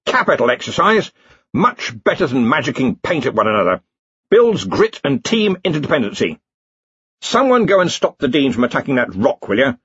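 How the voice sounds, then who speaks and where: A man voicing a bluff, boisterous older head wizard who talks in a booming, hearty way. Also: sing-song, moderate pace, a bit bright, husky, no room sound, lo-fi sound, full character voice. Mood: brisk.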